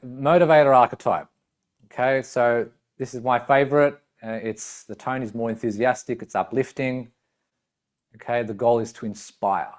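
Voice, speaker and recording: A man training coaches. He explains step by step, checks in with "right?" and "okay", and now and then acts out short voice samples. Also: lowish voice. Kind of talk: teaching talk with demonstrations.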